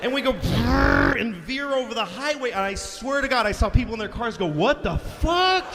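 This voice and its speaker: A man doing stand-up storytelling, profane and animated, acting out the people in his story with big swings of voice. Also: very high-pitched, brisk, gravelly, long reverb tail, slight background noise. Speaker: stand-up comedian.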